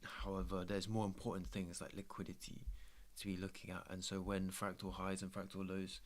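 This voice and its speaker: Low-voiced, laid-back young man. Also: flat delivery, fairly quick. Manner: laid-back, slangy, swears freely. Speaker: trader streaming his trading. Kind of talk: casual chat.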